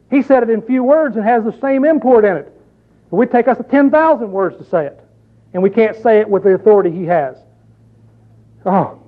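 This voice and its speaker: Male preacher, high-pitched and emphatic, sermon delivery, tinny lo-fi recording. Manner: emphatic, rhetorical questions, reads scripture aloud.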